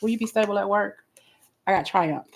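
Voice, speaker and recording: A woman giving a live tarot reading in a blunt, expressive way, often restarting her sentences. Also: mid-range voice, a little fast, gravelly, noisy background. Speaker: tarot reader.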